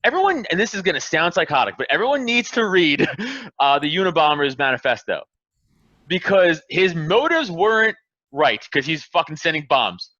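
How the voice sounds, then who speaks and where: A man ranting profanely and passionately as a guest on a casual podcast, building to loud emphatic peaks. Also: a little high, sing-song, moderate pace, no room sound, dull audio. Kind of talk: heated casual podcast rant.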